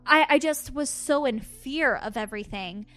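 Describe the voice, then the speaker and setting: A woman on a podcast, casually telling a personal story with animated asides and acted-out quotes. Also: sits high, normal speed, soft background music. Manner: animated storytelling, acts out her own quotes with laughs. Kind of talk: casual chat.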